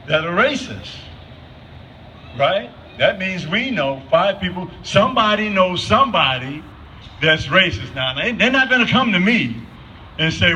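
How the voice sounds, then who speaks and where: Over and over, a vigil speaker asks the crowd questions during his unscripted speech at an outdoor gathering. His voice is on the high side, very animated, bright and forceful, a little slow, caught on a distant mic in dull lo-fi with faint noise.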